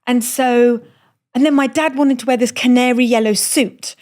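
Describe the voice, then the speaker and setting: A woman's voice: fairly high pitch, steady tone, normal speed, a little mellow. A middle-aged woman from Iran, a comedian guest on a podcast, telling candid, self-deprecating stories and swearing freely. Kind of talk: candid storytelling chat. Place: on a moored boat.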